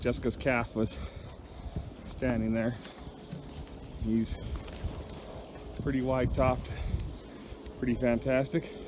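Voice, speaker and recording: A man's voice: mid-range voice, level tone, slow, long pauses. Man, rancher, rambling chatty vlog, out of breath, outdoor noise with cattle and birds. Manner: chatty, rambling, talks to his dog. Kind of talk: casual vlog narration while doing chores.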